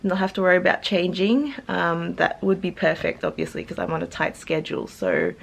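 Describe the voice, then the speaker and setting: A woman's voice: on the low side, very animated, fairly quick, vocal fry. A young woman, chatting casually to camera in a vlog, full of ums and likes and laughing often. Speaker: vlogger.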